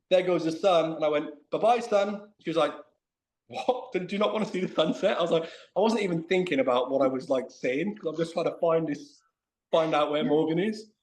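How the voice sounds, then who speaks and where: A man's voice: a little high, echoey room. A man telling a long, self-mocking story in casual chat as a guest on a video call.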